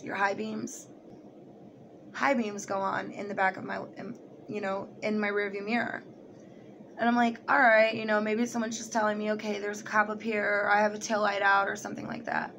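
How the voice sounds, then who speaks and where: Chatty young woman, flat delivery. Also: medium pitch, creaky, a little hiss or hum. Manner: rambling, heavy use of "like", animated retelling. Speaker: vlogger. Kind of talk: casual storytelling to camera.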